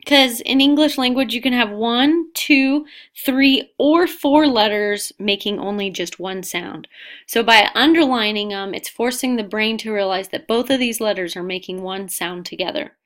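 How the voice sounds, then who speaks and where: A woman's voice: a little high, moderate pace, fairly bright tone. A woman narrating an instructional video, explaining a method step by step.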